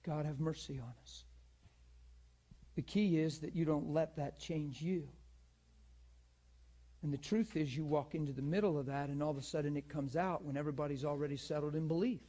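Male preacher, husky and a touch high, emphatic sermon delivery with loud and soft swings. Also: moderate pace, long pauses. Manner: emphatic, swings between yelling and hushed.

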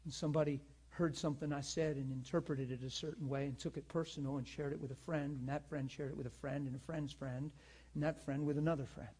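Husky preacher man, fairly high voice, goes loud then quiet. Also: fairly even intonation, quick pace. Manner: emphatic, swings between yelling and hushed. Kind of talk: sermon.

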